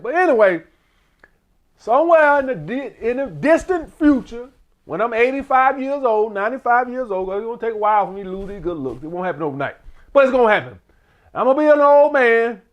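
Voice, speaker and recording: A man with a fairly high speaking voice delivers a rambling, profane rant about dating. He keeps circling back with repeated words and asides, in a loose, unscripted monologue. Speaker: dating advice commentator. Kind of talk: ranting monologue.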